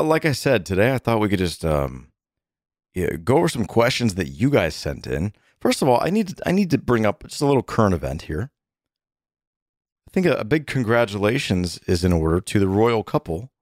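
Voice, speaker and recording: Middle-aged man, podcast co-host, lively swooping pitch, low voice, dry close sound, chatty with fillers. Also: moderate pace, no echo. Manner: animated, chatty, with many fillers. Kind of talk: casual chat and read ad.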